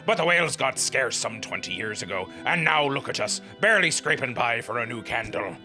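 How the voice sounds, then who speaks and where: A man voicing a gruff, rustic old retired whaler with a drawling sailor's way of talking. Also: mid-range voice, animated, brisk, sharp tone, faint music behind. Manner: rustic drawl, dropping grammar.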